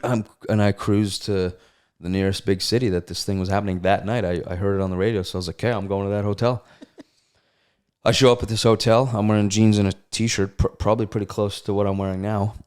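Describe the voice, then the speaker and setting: A man's voice: on the low side, a little fast, clear, resonant tone. A middle-aged man, an actor, telling stories casually in an interview and acting out the people he quotes. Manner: animated, acts out quotes in voices. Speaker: actor, guest.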